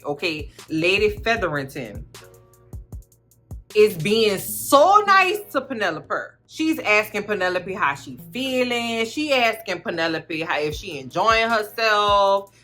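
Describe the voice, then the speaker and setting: A woman giving a casual, sassy recap of a TV show, animated and talking straight to her viewers. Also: lowish voice. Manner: animated, sassy, swearing, talks to viewers directly.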